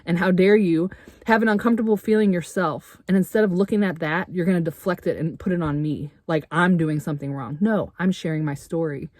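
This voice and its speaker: A middle-aged woman vents to her camera in a fired-up, swearing rant, throwing out sarcastic rhetorical questions and getting loud. Her voice sits on the low side. The sound is dry and close, with no room in it. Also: brisk, no room sound. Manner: heated, swearing, rising to loud outbursts. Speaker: vlogger. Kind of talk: angry personal rant to camera. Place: RV interior.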